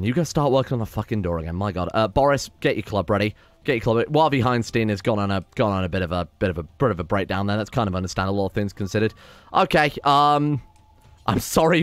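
A man giving casual, excitable let's-play commentary, swearing and talking to the characters he controls. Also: medium pitch, no room sound. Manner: excitable, swears, talks to his colonists. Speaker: gaming channel host.

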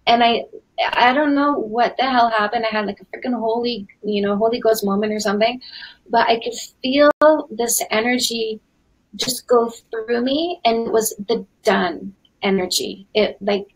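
A Canadian woman in her forties, a dating coach hosting a live webinar in an energetic, chatty way with lots of fillers. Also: a little high, measured pace, poor audio. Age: 40s.

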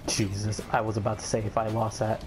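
A young man giving excitable commentary over his own gameplay, yelping, groaning and swearing at the game. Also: on the low side, fairly quick, music in the background. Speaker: gaming channel host.

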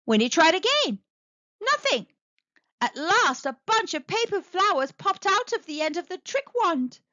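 A woman telling a children's story aloud, with a sing-song, expressive delivery, in a slightly muffled, dry recording. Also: very high-pitched, moderate pace, no echo. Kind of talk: children's read-aloud narration.

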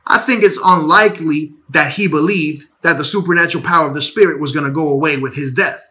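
Male preacher, high and bright, casual livestream Bible teaching on a phone at home, animated, restarts words. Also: fast talker. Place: home bedroom.

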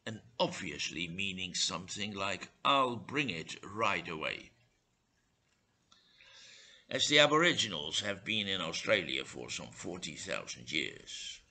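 A man reads a humorous short story slowly and with a lively, rising and falling delivery. His voice is bright but gravelly and a little husky, and his dry comic asides land at an unhurried pace. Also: sits low, rough recording. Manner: measured, dryly comic reading with indignant asides. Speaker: storyteller and English teacher.

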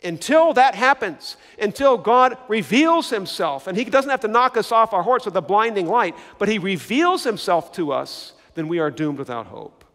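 A man's voice: sits high, sing-song, moderate pace, hardly any pauses, a bit bright, in a large hall. A male pastor preaching an emphatic sermon, repeating key words and putting questions to the congregation.

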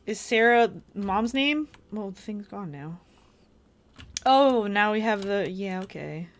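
A woman's voice: medium pitch, animated, slow pace. A woman giving casual, sweary gameplay commentary, chatting to her viewers and jumping at scares. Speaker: gaming video creator.

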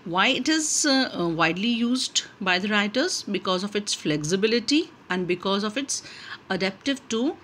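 A woman giving a recorded literature lecture, explaining terms slowly and repeating points with many fillers. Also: medium pitch, expressive, a bit bright, a little hiss or hum.

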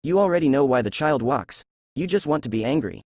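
A man voicing a calm, polite giant female cat spirit in a read-aloud story. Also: mid-range voice, fairly quick, no echo, lightly acted. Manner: calm, courteous.

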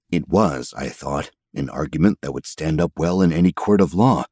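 A man with a very deep, husky voice narrates a first-person story at a measured pace. The sound is close and dry, with no room around it. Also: a little mellow, no echo. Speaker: audiobook narrator.

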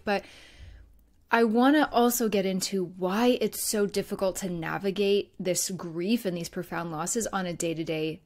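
A woman's voice: medium pitch, steady tone, moderate pace, darkish tone. A woman in her thirties hosting a solo podcast as a grief coach, talking in a conversational way with light laughs and fillers.

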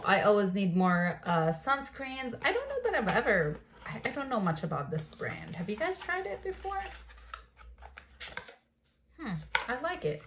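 A woman's voice: medium pitch, slight background noise. A woman vlogging in a bubbly, gushing way, chatting casually as she unboxes products. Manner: bubbly and gushing, with frequent excited exclamations. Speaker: beauty vlogger.

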